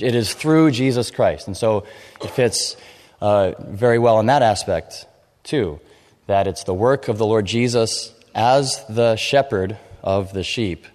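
A man preaching an expository sermon, explaining scripture in a measured way and reading verses aloud. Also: lowish voice, a little mellow. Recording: long hall reverb.

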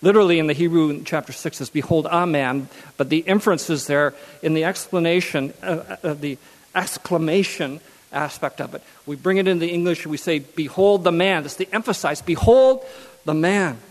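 A man's voice: on the high side, fairly even intonation, fairly quick, long reverb tail. A man preaching a sermon who reads scripture aloud and then repeats key phrases for emphasis.

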